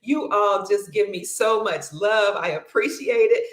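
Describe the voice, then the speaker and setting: A woman hosting a livestream, chatting casually and warmly thanking viewers by name, calling them honey, sister and family, long-winded and bubbly. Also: medium pitch, a little slow, hardly any pauses, roomy sound. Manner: effusive and affectionate, calls viewers honey, sister, brother and family. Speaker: livestream host. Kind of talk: casual livestream chat reading viewer comments.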